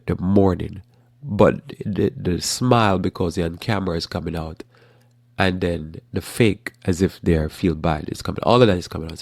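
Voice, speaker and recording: A man hosting a casual religious talk show about current events, rambling with restarts in a flat, matter-of-fact way. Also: deep voice, creaky, dry recording, clean studio sound. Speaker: host.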